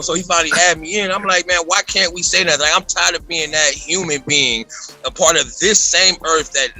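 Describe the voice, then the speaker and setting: A man on a podcast, talking casually and ranting in an animated way, often repeating himself. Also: fairly high pitch, fairly quick, soft background music. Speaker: podcast guest.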